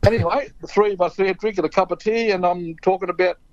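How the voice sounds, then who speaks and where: A man's voice: high-pitched, fast, no room sound, dull audio. A middle-aged Australian man telling a story as an interview guest, acting out the voices of the people in it. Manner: lively yarn-spinning, acting out voices in his stories. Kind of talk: casual anecdote telling.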